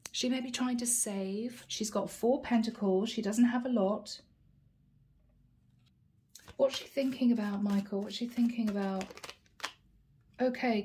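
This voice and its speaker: A woman reads tarot cards aloud and talks through them in a mellow, warm tone that sits a little high. She muses to herself as she goes and calls out each card in short, clipped bursts. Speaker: tarot reader. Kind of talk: channeled tarot reading to camera.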